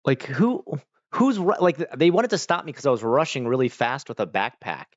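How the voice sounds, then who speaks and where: An Australian man streaming, telling stories in a loose, rambling way, full of "like" and quick restarts. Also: mid-range voice, very animated, lo-fi sound. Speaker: livestreamer. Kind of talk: casual chat.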